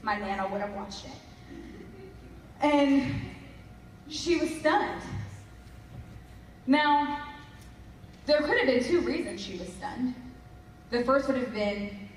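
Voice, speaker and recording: Female preacher, storytelling style, slightly high pitch, chatty asides; roomy hall sound, distant mic. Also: lively intonation, slow pace, pauses often, a little hiss or hum. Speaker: guest speaker. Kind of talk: storytelling sermon.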